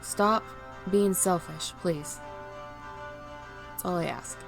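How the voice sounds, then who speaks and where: A woman vlogging unscripted while grieving, near tears, pleading and halting with restarts. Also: fairly low pitch, creaky, over music. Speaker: streamer and vlogger. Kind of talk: unscripted emotional vlog.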